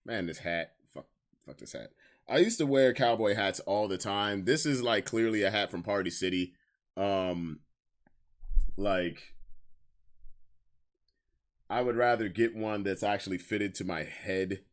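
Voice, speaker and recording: A man's voice: lowish voice, measured pace, pauses often. A young man hosting a casual podcast stream, talking candidly in slang and repeating lines for emphasis. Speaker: podcast host. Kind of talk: casual livestream chat.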